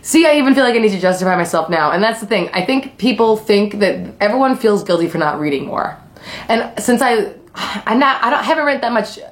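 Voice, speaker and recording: A woman's voice: medium pitch, lively intonation, a little fast. A young adult woman chatting casually on camera while eating, rambling through a story with lots of fillers and swearing. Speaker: vlogger.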